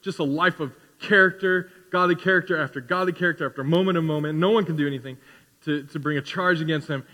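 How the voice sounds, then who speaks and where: A man's voice: sits high, a bit bright. A man preaching a sermon as pastor, building to emphatic rising questions. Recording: reverberant hall.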